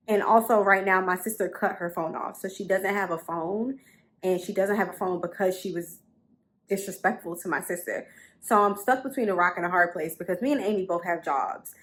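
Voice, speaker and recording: Chatty young woman vlogging from her bedroom. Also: medium pitch. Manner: chatty, repeats phrases for emphasis. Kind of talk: casual storytelling to camera. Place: bedroom at home.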